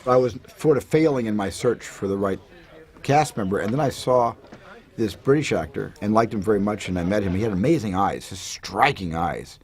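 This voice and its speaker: Brief: male director, lowish voice, relaxed anecdotal interview. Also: normal speed. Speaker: film director. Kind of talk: reflective interview.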